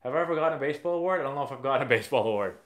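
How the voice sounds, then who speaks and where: This Massachusetts man races through viewer questions on a casual live stream. His medium-pitched voice is fairly bright, with lively intonation. He's a chatty, rambling storyteller who keeps restarting what he says.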